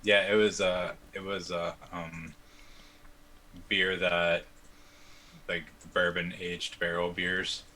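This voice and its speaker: A man's voice: sits low, little pitch movement, slow, long pauses, pushed and bright, slight background noise. A man chatting casually with fellow players during a virtual tabletop game, laid-back and joking. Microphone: home microphone on a video call.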